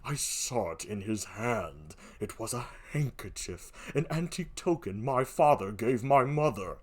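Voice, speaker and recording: Man putting on a low tragic general, slow, heavy, lively swings, stage tragedy. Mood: anguished. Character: grieving tormented general, a man.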